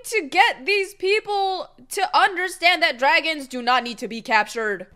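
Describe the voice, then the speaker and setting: Excitable young woman reacting to a movie. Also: very high-pitched, unhurried. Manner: excitable, chatty, slangy, gasps and laughs often. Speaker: host reacting to a film. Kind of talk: casual movie reaction commentary.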